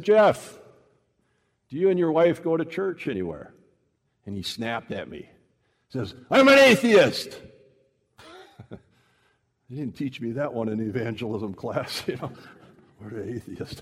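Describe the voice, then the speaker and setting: A man preaching a sermon to a congregation, telling a story and acting out the dialogue with lively shifts in pace. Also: mid-range voice. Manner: animated, acts out dialogue, shifts pace often. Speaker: preacher teaching evangelism. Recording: long hall reverb.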